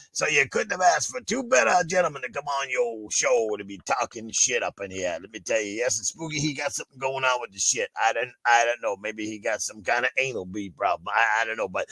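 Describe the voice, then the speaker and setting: Brash gravelly man ranting crude jokes. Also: mid-range voice, no room sound, low-quality recording. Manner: brash, profane, loud bursts. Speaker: podcast co-host. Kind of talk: crude comedic rant.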